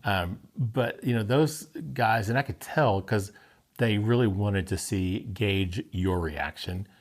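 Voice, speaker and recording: A man's voice: on the low side, slow pace. A man co-hosting a podcast in a studio, chatting casually and asking curious follow-up questions. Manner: inquisitive, conversational, asks follow-up questions. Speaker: podcast co-host. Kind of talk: casual tasting chat.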